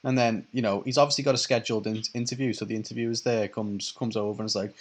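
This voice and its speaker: A man's voice: fairly low pitch, steady tone, fast, few pauses. A man co-hosting a casual podcast, chatty and laughing as he recounts events. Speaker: podcast co-host.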